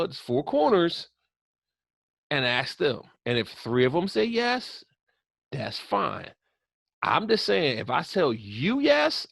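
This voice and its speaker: A male podcast co-host whose voice sits on the high side and sounds creaky trades stories in casual conversation. He's animated, swears a lot, and acts out what people said; the audio is dry and studio quality.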